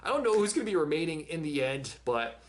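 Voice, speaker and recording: A man's voice: fairly high pitch, big pitch swings, fast. A man talking casually to camera after a TV episode, chatty, often repeating and restarting his words. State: out of breath. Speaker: reaction channel host. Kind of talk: casual reaction commentary.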